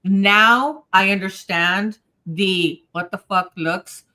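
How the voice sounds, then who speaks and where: Bright-voiced woman co-host who rambles. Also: medium pitch, slow pace. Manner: rambling, stammering restarts, lots of backchannel agreement. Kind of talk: casual spiritual talk show chat.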